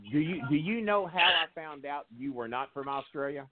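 A man's voice: on the high side, animated, moderate pace, a crowd in the background. A male radio host in casual talk, joking and laughing often as he tells stories over a phone line. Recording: tinny phone line with faint noise.

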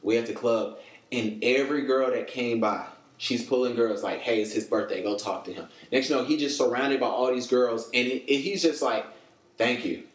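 Animated storytelling man, roomy echo. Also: medium pitch, moderate pace. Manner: animated storyteller, acts out quoted voices. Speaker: podcast guest. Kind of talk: casual chat.

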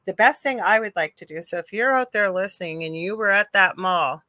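A woman's voice: medium pitch, a little fast, pushed and bright, no room sound. A woman from Canada co-hosting a live paranormal chat, talking emphatically and repeating her points. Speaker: co-host. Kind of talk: casual live-stream chat.

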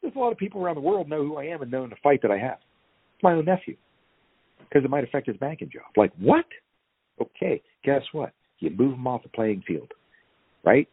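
Fiery husky-voiced man on a phone line. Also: mid-range voice, very animated, a little fast, long pauses, dry recording. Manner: fiery, ranting, voice surging up on key points. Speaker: guest activist. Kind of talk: impassioned podcast interview.

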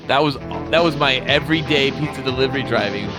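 A man in his thirties co-hosting a podcast, rambling and swearing as he tells animated stories in casual chat. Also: medium pitch, fast talker, over loud music. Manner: rambling, profane, animated storytelling. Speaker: podcast co-host.

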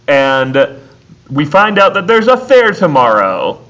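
A man's voice: a little high, big pitch swings, slow, a bit bright. A man co-hosting a casual film-recap chat, laughing often and acting out characters' lines. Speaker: podcast co-host.

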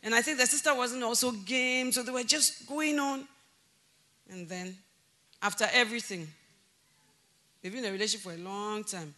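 A woman preaching a sermon in a church, animated, breaking into loud emphasis and laughter as she acts out conversations. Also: a little high, moderate pace, pauses often.

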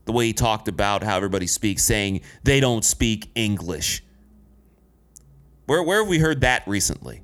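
A man in a commentary video, talking in an indignant, sarcastic way and swearing freely. His pitch rises and falls a lot as he pushes his points. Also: expressive, moderate pace. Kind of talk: commentary vlog.

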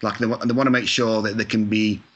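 A man from Scotland talks in a fast, bright, slightly low voice. He chats casually as an interview guest, self-deprecating, with mild swearing. His speech is loose and full of fillers. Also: flat delivery, highs cut off. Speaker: video game composer, guest. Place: lives in California.

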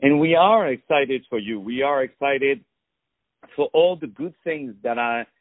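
A man hosting a radio interview, effusive and flattering, often halting on repeated words and fillers. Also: medium pitch, no echo. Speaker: radio show host. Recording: dry, tinny phone-quality sound.

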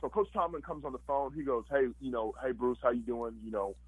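A man's voice: medium pitch, fairly quick, breathy edge, no room sound, phone-quality sound. A man, a former football player, telling his story casually and animatedly, acting out quotes with lots of fillers.

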